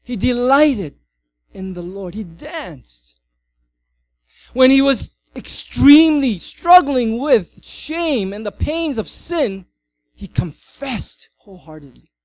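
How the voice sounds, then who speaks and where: A middle-aged male pastor giving a sermon, swinging from loud, emphatic passages to soft, quiet ones. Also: very high-pitched, slow pace, no room sound. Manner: animated, varies loudness widely.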